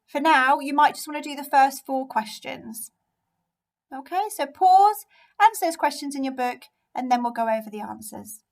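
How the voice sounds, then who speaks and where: A woman's voice: high voice, animated, moderate pace. A woman teacher, giving a recorded remote lesson and explaining each answer step by step in an encouraging way. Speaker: primary school teacher.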